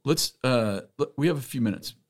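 Relaxed male podcast host. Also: mid-range voice, fairly quick. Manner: relaxed, brief prompts and agreement. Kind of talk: casual interview chat.

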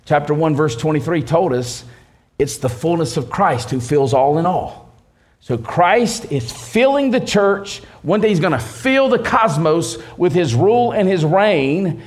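A man preaching a sermon, leaning on key words slowly and restarting phrases as he explains. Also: on the high side. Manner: preaching with slow emphatic stresses and restarts. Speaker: pastor.

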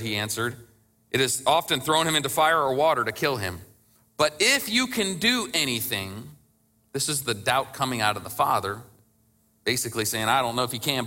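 A male pastor preaching with a very bright, ringing tone and a fairly high voice. He talks in a conversational way, lowers his voice to act out scripture quotes, and builds to passionate emphasis. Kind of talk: sermon.

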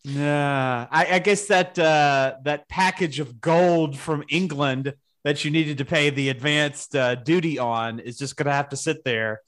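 A man's voice: on the high side, measured pace, hardly any pauses, fairly bright tone. A man co-hosting a podcast, bantering casually with profane jokes. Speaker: podcast co-host.

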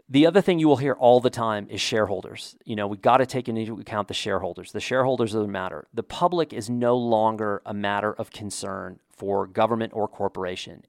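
A low-voiced man riffing in a loose, opinionated monologue. He talks in a rambling way, stumbles over restarts and throws in punchy asides. The sound is dry and close, with no room echo.

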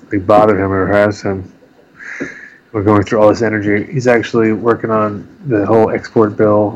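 A man's voice: on the low side, a little mellow, lo-fi sound, a little hiss or hum. A man hosting a casual live studio podcast, rambling with frequent restarts and laughs. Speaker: podcast host.

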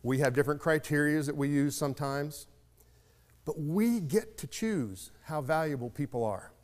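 A man's voice: medium pitch, in a large hall. A man giving a sermon, telling a folksy story in a reflective, conversational way. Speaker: preacher.

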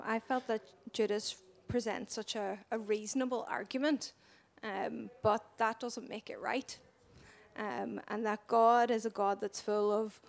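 Woman, group participant, gravelly flat delivery, measured. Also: fairly high pitch. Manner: thoughtful, measured, with fillers. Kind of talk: personal sharing.

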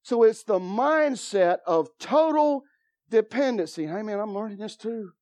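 A man's voice: high-pitched, expressive, a little slow, a little mellow. A man preaching a sermon as pastor, emphatic and drawing responses from the congregation. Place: church.

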